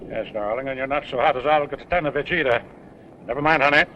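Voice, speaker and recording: A man's voice: medium pitch, quick pace, close to an everyday voice. An actor playing a fawning con man with flowery, stammering speech in a 1930s comedy film. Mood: scheming. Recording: dull 1930s film soundtrack, faint hiss.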